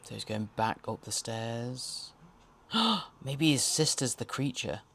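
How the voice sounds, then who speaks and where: A man's voice: mid-range voice, unhurried, creaky, a bit bright, slight background noise. A man, the host, giving a rambling, jokey audio commentary while watching a TV episode.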